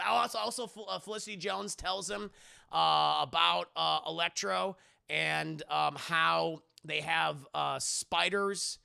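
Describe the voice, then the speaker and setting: Gravelly, bright-voiced man recapping a film. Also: fairly high pitch, slow. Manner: sarcastic, profane, acts out quotes; addresses chat directly. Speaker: streamer film reviewer. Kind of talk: casual spoiler review recap.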